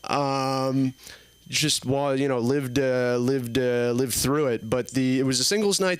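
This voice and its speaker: A man's voice: mid-range voice, a little slow, clean tone, no echo. A man in his early twenties performing a stand-up set on a comedy club stage, telling stories in a rambling way with lots of fillers. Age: early 20s. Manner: rambling, filler-heavy storytelling.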